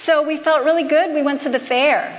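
A woman's voice: high-pitched, steady tone, moderate pace. A woman preaching a sermon, often asking the congregation questions. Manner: engages the audience with frequent questions. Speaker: preacher and health missionary. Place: church hall with a congregation. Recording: reverberant hall with faint background noise.

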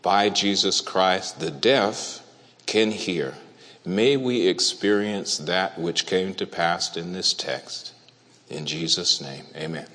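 A pastor preaches slowly and deliberately in a church hall full of reverb, putting questions to his congregation. His voice is deep, yet pushed and bright.

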